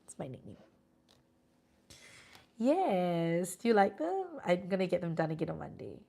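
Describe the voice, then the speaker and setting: Gravelly low-voiced Singaporean woman. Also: very animated, normal speed, warm tone. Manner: chatty, reassuring, sprinkles "lah". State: sleepy, yawning. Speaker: tarot reader and live streamer. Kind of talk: casual live-stream chat with viewers.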